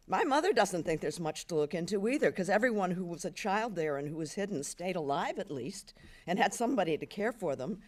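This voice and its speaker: A woman's voice: medium pitch, darkish tone, close to an everyday voice. A woman voicing an anxious teenage schoolgirl who stammers and pleads with her teacher.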